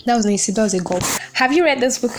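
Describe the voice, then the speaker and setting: A woman's voice: fairly high pitch, lively intonation, racing, background noise. A young woman hosting a podcast, giving a casual and emotional book review, gushing over the story.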